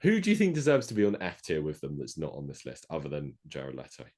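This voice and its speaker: A man's voice: extremely low pitch, wildly swooping pitch, quick pace, a little mellow. A man co-hosting a casual podcast, dryly reading out and ranking lists of actors. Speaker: podcast co-host. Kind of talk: casual chat.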